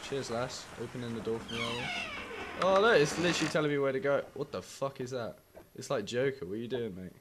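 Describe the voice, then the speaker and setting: Sweary, jumpy young gamer. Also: male voice, mid-range voice, expressive, quick pace, noisy background. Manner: sweary, jumpy, wisecracking reactions. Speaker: gaming YouTuber. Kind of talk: let's play commentary. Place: home flat.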